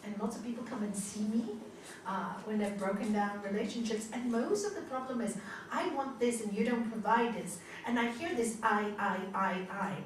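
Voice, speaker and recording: A woman yoga teacher giving a spiritual talk to a class, telling stories in an animated way and laughing often. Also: mid-range voice, moderate pace, a little hiss or hum. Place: large hall. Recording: echoey hall from far off.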